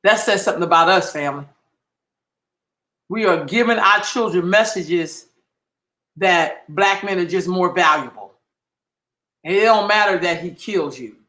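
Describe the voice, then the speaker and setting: Man, high-pitched voice, sharp and bright tone, heated profane livestream rant, emphatic repetition, echoey room. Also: a little slow, pauses often. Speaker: livestream host. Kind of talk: impassioned livestream monologue.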